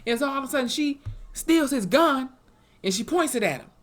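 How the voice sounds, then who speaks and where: A young woman, recapping a TV episode in an animated, profane way and acting out the characters' lines. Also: high-pitched, a little fast, soft background music. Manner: animated, profane storytelling with acted-out quotes. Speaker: TV episode reviewer. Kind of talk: casual recap vlog.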